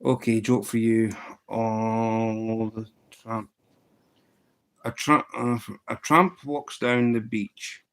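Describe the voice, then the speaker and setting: A man's voice: fairly low pitch, little pitch movement, slow, a bit bright, clean tone. A man with a Scottish accent telling long rambling jokes on a livestream, restarting lines as he goes. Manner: rambling storyteller, restarts and says "says" often. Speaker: fly tying livestreamer. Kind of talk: casual joke telling on a livestream.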